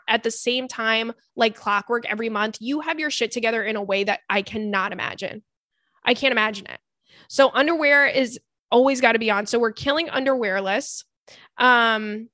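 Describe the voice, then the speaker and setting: Frank, bright-voiced young woman host. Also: a little high, no room sound, clean studio sound. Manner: candid, swears freely, laughs often; reads listener emails aloud. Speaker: podcast host. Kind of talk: casual chat.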